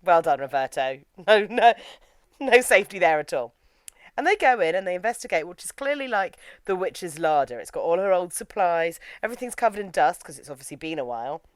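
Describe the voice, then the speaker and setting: A woman's voice: fairly low pitch, fairly quick, clear, resonant tone, no echo. A woman, chatting casually as a podcast host while she recaps an anime episode and acts out the characters' lines. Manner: chatty, animated retelling with acted-out quotes.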